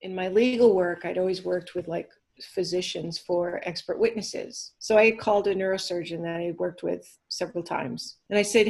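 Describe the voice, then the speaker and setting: Middle-aged woman, lowish voice, earnest detailed storyteller in a casual interview. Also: fairly even intonation, moderate pace, vocal fry, few pauses, darkish tone. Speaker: guest, cancer survivor.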